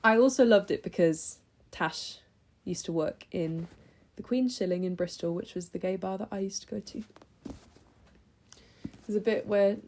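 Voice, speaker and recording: A woman's voice: mid-range voice, moderate pace, darkish tone. A young woman talking through books she read in a chatty, enthusiastic vlog, with lots of ums and restarts. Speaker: book vlogger. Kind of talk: casual book review chat.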